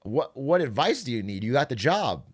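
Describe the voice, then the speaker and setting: A man's voice: medium pitch, sing-song, moderate pace, slight background noise. A young man chatting casually on his stream, sarcastic and laughing often.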